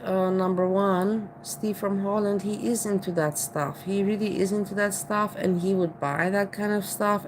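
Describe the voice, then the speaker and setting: A woman's voice: mid-range voice, a little mellow, slight background noise, poor audio. A woman from Austria with an Austrian accent, chatting casually in a vlog and rambling with many restarts and repeated "you know.". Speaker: vlogger. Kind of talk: casual chat.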